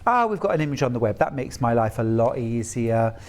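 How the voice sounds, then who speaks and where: A man's voice: medium pitch, big pitch swings, a little fast, a little mellow, a little hiss or hum. Chatty enthusiastic male shopping presenter. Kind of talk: live sales presentation.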